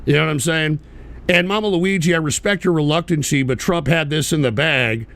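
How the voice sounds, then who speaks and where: A man's voice: fairly high pitch, a little fast, vocal fry, a bit bright. A man hosting an online political show, ranting bitterly and profanely in a repetitive way. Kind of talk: livestream rant.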